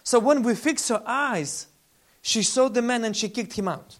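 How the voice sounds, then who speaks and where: Man, forties, fairly high voice, animated storytelling, church testimony. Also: unhurried. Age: 40s. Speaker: faith-based relief leader. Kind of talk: testimony talk with slides.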